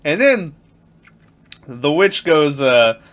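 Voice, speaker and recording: Male podcast co-host, bright and lively, retells scenes with gusto. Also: a little high, extremely slow. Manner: animated, laughs often, acts out scenes. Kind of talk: casual movie chat.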